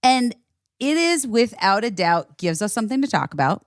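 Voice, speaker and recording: A woman's voice: medium pitch, sing-song, moderate pace, no room sound, clean studio sound. A woman hosting a podcast in casual chat, talking loosely with lots of fillers and laughter. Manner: chatty, laughs often, many fillers. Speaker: podcast host.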